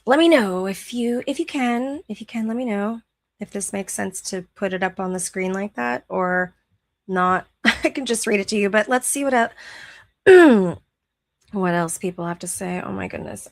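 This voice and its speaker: Chatty host woman with gravelly fry. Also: mid-range voice, normal speed, no echo. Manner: chatty and gushing, laughs often. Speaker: podcast host. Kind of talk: casual chat reading online posts aloud.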